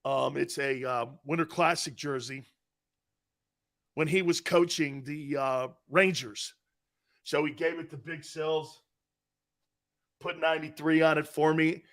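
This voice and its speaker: A male sports talk host with a forceful, somewhat high voice. He rambles through animated anecdotes and asides, reading off viewers' takes between stories. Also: unhurried, pauses often. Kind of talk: live sports talk show.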